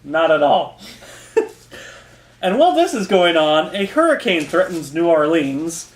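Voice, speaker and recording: A man's voice: a little high, big pitch swings, measured pace, a little hiss or hum. A man co-hosting a podcast, chatting casually about comics in an easygoing way and chuckling often. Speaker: podcast co-host. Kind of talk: casual comic review chat. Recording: roomy echo.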